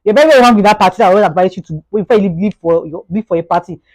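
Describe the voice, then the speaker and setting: Nigerian-accented woman, quick motivational vlogger, repetitive, animated. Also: medium pitch. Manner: repetitive, fast, grows animated with acted-out anecdotes. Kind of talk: casual motivational monologue.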